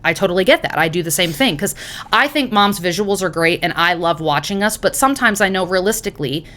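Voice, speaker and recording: A woman co-hosting a podcast in casual chat, loud and profane, telling stories animatedly. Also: fairly low pitch, lively intonation, fast. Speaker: podcast co-host.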